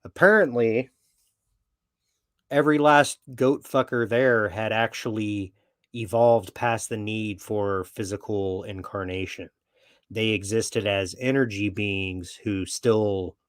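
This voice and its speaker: A low-pitched man holding forth in a blunt, swaggering monologue, swearing freely as he goes. The sound is dry and close, with no room around the voice. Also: no echo. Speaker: podcast host. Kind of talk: profane opinionated monologue.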